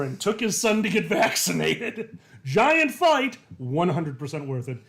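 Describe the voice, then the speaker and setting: A man's voice: on the high side, very animated, unhurried, gravelly, a bit bright. A man co-hosting a casual drinking livestream, laughing easily and telling anecdotes. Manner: laughs easily, eager reactions, tells anecdotes. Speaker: co-host guest.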